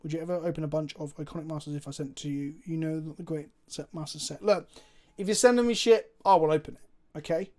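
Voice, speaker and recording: A man's voice: fairly high pitch, quick pace, darkish tone. A man streaming a card game, commentating his plays casually, chatty and thinking aloud, with frequent swearing.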